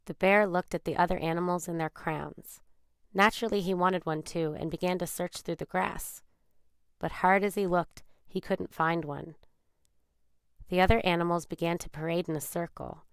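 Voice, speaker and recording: Low gravelly woman reading a children's story. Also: no echo, studio quality. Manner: calm, measured. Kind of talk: children's read-aloud narration.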